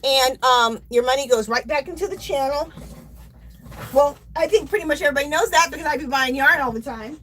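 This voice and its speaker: A woman's voice: high-pitched, a little fast, a bit bright. A woman hosting a casual craft livestream, chatty and playful, reading viewer comments aloud and laughing often. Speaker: livestream host.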